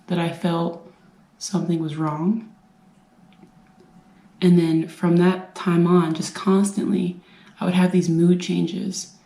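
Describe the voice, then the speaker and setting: A woman from the United States telling her own survivor story in an earnest, halting way, repeating phrases for emphasis. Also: lowish voice, gravelly, warm tone. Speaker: brain injury survivor and veteran speaker. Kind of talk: personal storytelling talk. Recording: roomy echo.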